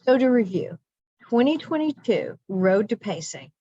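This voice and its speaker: A woman's voice: fairly high pitch, sing-song, measured pace, mellow, slightly rough, dry recording. A middle-aged woman leading a teacher training lesson in a chatty way, repeating phrases for emphasis. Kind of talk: professional development lesson. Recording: dull lo-fi dry sound.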